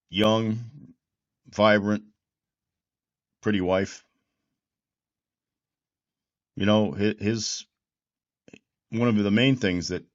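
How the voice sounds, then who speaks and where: A man's voice: on the low side, lo-fi sound. A man in his sixties hosting a reflective political commentary monologue, rambling with restarts and repeated words. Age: 60s. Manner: reflective, history-minded. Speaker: host.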